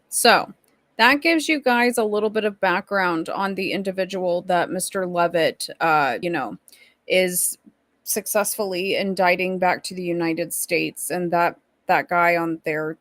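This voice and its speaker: With a lowish voice and no room sound, a streamer host chats her way through a casual livestream, reading messages from chat out loud, reacting to them and rambling through her commentary.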